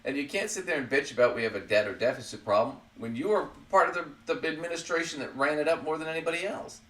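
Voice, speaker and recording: A man's voice: fairly high pitch, quick pace, fairly bright tone. A man hosting a podcast, chatting casually about politics in a blunt, profane way, often laughing at his own jabs. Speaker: podcast host. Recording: roomy sound, far from the mic.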